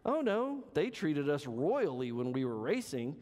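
A man preaching, voicing a retired male racing greyhound who answers plainly and calmly, in a reverberant church hall. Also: on the high side, a little slow. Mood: matter-of-fact.

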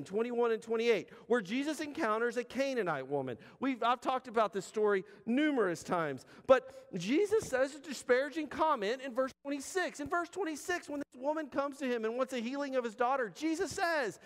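A man preaching a sermon as pastor, talking in a conversational way with emphatic pauses. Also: extremely high pitch, big-room sound.

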